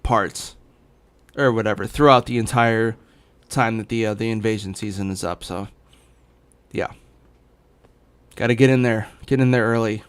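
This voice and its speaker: A man's voice: lowish voice, fairly even intonation, normal speed, smooth. A young man chatting casually as a gaming streamer, rambling with many fillers and restarts while hiccuping. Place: home in Los Angeles.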